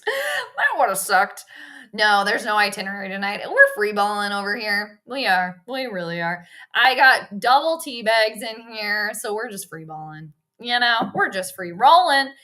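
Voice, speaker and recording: A woman's voice: mid-range voice, bright, forceful tone. A young woman hosting a casual sports live stream, chatty and rambling, greeting viewers by name between asides.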